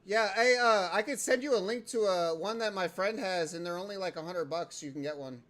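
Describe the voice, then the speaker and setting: A young man hosting a casual livestream, swearing often and breaking into loud excited outbursts while he plays a game. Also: high-pitched, fairly quick. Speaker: livestream host.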